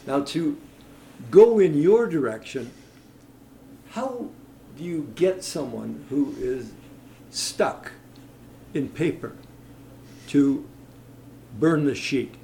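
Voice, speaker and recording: A man hosting a community radio interview, talking haltingly with many pauses. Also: mid-range voice, mellow, reverberant, slight background noise, rough recording. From Canada.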